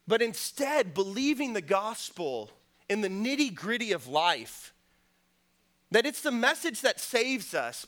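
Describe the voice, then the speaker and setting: A man's voice: high-pitched, sharp tone. A middle-aged man preaching a sermon, earnest and conversational, often repeating words and using fillers before rising to emphatic points. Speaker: pastor.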